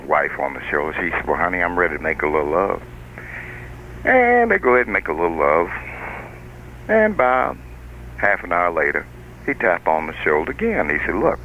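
A man's voice: deep voice, a little hiss or hum. An older man calling in to a radio show by telephone, telling long jokes in a folksy, drawling storyteller way. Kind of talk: casual joke telling on a call-in radio show. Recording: muffled phone line.

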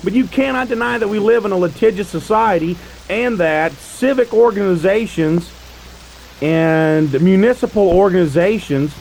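A man's voice: high voice, vocal fry, a little mellow, a little hiss or hum, low-quality recording. A man co-hosting a casual radio talk show, arguing his case at length with dry teasing. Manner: argumentative, wordy, dry teasing.

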